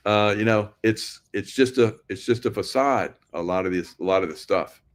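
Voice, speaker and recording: A man's voice: lowish voice, measured pace. A man talking casually to his viewers, rambling and sarcastic, laughing often. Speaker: political commentary vlogger.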